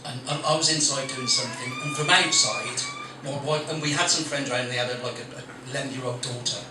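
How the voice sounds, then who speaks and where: A man's voice: mid-range voice, huge pitch swings, quick pace. A man hosting a small comedy night, telling crude, blunt stories with lots of swearing. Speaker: stand-up comedian and compere. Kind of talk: stand-up comedy set. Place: small coffee shop venue with live audience. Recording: very echoey room recorded from a distance with background noise.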